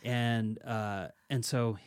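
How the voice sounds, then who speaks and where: A man's voice: lowish voice, flat delivery, extremely slow, clear, resonant tone. A man co-hosting a podcast and teaching meditation in casual chat, rambling and self-correcting, laughing easily.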